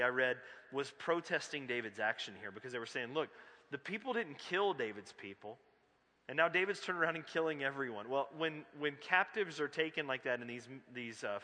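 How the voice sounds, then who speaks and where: Pastor guy preaching, chatty storyteller, sharp bright voice, big echo of a church hall. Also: mid-range voice. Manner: conversational, animated storytelling with asides. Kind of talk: sermon with storytelling. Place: church sanctuary. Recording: long reverb of a large church hall.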